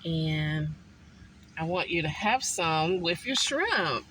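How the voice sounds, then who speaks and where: A man eating a meal in a car and chatting casually to his viewers, unhurried and full of ums. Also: on the high side, expressive, background noise. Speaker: food vlogger. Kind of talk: casual mukbang chat.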